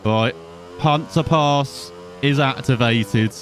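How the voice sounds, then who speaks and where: A gaming video host plays a racing game while offering casual, self-mocking commentary, chatty and easily distracted. His voice is mid-range and slow, with faint music in the background.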